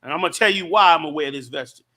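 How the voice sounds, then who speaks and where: Man, show host, high-pitched, very bright and cutting, impassioned, preachy. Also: fast. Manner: preachy and impassioned, rising to shouts, then dropping low. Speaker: show host and group leader. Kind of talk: fiery casual talk.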